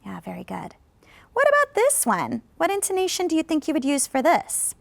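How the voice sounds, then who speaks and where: A woman teaches English in a scripted lesson, her fairly high voice carrying a gravelly edge. She speaks in a dry, close studio sound, coaxing viewers to answer and drawing model sentences out slowly for them to repeat. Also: huge pitch swings, no room sound. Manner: slow, carefully drawn-out model sentences for repetition; encouraging, coaxes replies from viewers. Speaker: ESL teacher.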